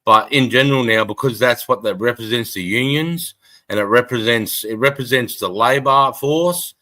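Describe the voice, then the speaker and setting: A man on a livestream, calmly explaining and trying to settle an argument. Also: mid-range voice, moderate pace. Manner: calm, explaining, mediating. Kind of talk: livestream chat.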